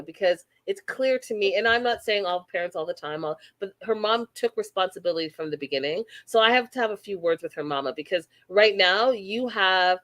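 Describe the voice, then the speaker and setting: Canadian-raised lady hosting a reality tv recap, blunt, animated, acts out what people said. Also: mid-range voice. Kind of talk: casual recap chat.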